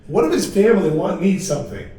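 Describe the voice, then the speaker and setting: A male rabbi teaching a class to students, energetic and humorous, telling stories and firing off rhetorical questions. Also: high voice, quick pace. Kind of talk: lively classroom lecture with storytelling. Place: large study hall. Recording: very echoey hall, mic far off, faint noise.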